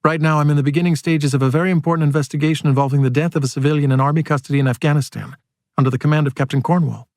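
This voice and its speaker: Man voicing a brisk, pointed woman agent. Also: a little high, steady tone, a little mellow, dry recording, clean studio sound, voice pushed up, lightly acted. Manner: fast, clipped, sharply polite, full of sirs.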